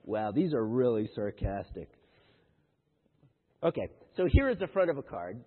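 A man's voice: medium pitch, very animated, husky. A man reading humorous cards aloud to a congregation in a light-hearted way, stumbling over words now and then. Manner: jokey, halting reader who stumbles over words. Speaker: speaker reading Mother's Day cards to an audience. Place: large hall with house lights. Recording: echoey hall on a thin phone-like line.

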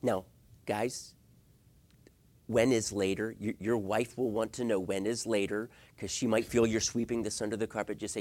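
A middle-aged man preaching a sermon as a pastor, swinging from hushed asides to loud emphatic points and asking rhetorical questions. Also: on the low side, fairly even intonation, normal speed.

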